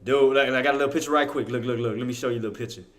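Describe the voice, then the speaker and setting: Excitable Cajun man livestreaming. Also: medium pitch, very fast. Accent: Cajun Louisiana. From Louisiana. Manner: excitable, chatty, lots of Southern slang and restarts. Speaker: livestream trading commentator. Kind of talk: casual livestream commentary.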